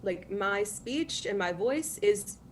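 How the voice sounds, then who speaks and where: A woman calling in to an advice show, speaking in a soothing, hesitant, measured way. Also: mid-range voice, expressive, slight background noise. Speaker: caller. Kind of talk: call-in conversation.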